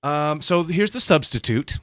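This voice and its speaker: A man reads a story aloud on a podcast, his pitch swinging up and down as he gives the quoted lines little voices. The sound is close and dry, with no room echo. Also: animated, moderate pace, a bit bright. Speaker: podcast co-host. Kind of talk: casual chat and story reading.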